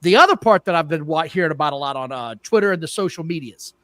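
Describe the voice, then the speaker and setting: A man's voice: a little high, expressive, fast, bright, forceful tone, no room sound, studio quality. A man co-hosting a wrestling podcast, blunt and opinionated, who often trips over names. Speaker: podcast co-host. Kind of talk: casual wrestling talk.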